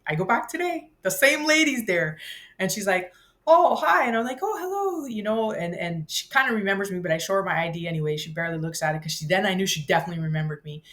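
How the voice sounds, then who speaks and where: A woman in her fifties telling a personal story, rambling and breaking off mid-sentence, acting out the voices in it. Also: fairly low pitch. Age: 50s. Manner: animated, acts out her own voice and others' in the story; rambling, self-interrupting. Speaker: vlogger.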